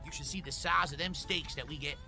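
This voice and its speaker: A man streaming a truck game while voicing a loud, boastful male Texan trucker in a put-on Texan drawl, calling everyone boy. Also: fairly high pitch, a little fast, vocal fry, soft background music, voice pushed down, exaggerated voice. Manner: brash, folksy, keeps calling people boy.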